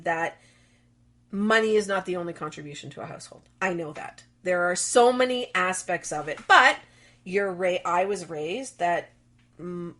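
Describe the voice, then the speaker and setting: A middle-aged woman, a guest on an interview, who tells lively stories and acts out the dialogue she quotes. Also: fairly low pitch. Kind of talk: conversational interview.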